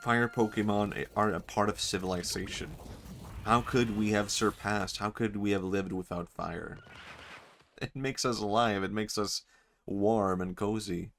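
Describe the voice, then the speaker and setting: A man's voice: on the low side, fairly even intonation, a little slow, fairly bright tone, a little hiss or hum. A young man streaming a game, chatting in a playful, rambling way and laughing often. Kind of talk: casual gameplay commentary.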